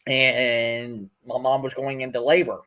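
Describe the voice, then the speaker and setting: A man in his fifties hosts an online livestream, rambling through his life story with lots of "uh" and restarts. His voice sits at a middle pitch and comes through a dull, lo-fi connection. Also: level tone, unhurried. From Florida. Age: 50s. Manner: rambling, with many fillers and restarts. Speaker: host. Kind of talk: livestream chat.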